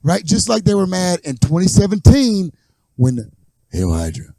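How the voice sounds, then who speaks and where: Host, male, high voice, excitable storyteller, dry close mic. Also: moderate pace, gravelly, dry recording. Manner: animated storyteller, acts out quotes. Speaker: podcast host. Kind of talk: casual chat.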